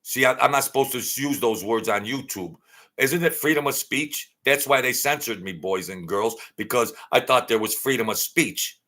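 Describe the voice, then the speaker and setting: A man's voice: mid-range voice, moderate pace, bright, forceful tone. A man delivering a blunt, heated, repetitive ranting monologue as an online commentator.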